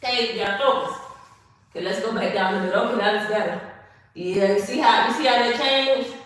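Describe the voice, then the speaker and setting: A brisk woman with a mid-range, fairly bright voice hosts a stretching livestream, chatting sassily and directly to viewers and sounding a little winded. She's far from the mic in a very echoey room, with slight background noise.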